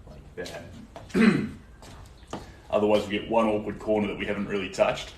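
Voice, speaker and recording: A young New Zealand man with a fairly low voice talks in a relaxed, chatty way, with plenty of ums as he works. He answers viewers during a live painting stream in his studio. The sound is roomy and a little distant, with faint noise underneath. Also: a little slow. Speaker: artist livestreaming a painting session. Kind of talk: casual live-stream chat while painting. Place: indoor art studio.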